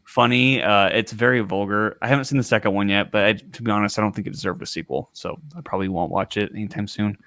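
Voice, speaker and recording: A man in his twenties co-hosting a casual podcast, telling stories in an animated way. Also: on the low side, quick pace, gravelly, few pauses, dry recording. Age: 20s. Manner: animated storytelling with laughs. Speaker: co-host.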